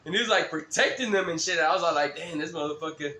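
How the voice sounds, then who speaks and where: A man's voice: high-pitched, racing, bright, forceful tone, echoey room. A man rambling through a profane, laugh-filled story on a live stream.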